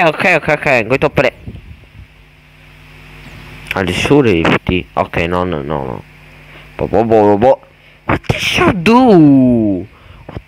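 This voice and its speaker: A man doing casual gameplay commentary as a gaming YouTuber, erratic and exclamatory, swinging between mumbles and yells. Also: lowish voice, poor audio.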